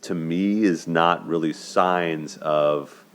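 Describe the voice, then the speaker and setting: Slight background noise sits under a slow, low-voiced man hosting a dating and movie commentary show. He breaks down a film's romance in a loose, chatty way, checking in with "right?" and laughing as he goes.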